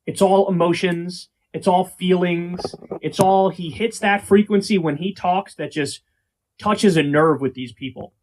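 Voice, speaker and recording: Rich: A man with a notably high voice holds forth as host, sarcastic and worn out by what he is reacting to. His talk is casual, profane and full of ranting asides. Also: a little slow, a little mellow. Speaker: show host reacting to clips.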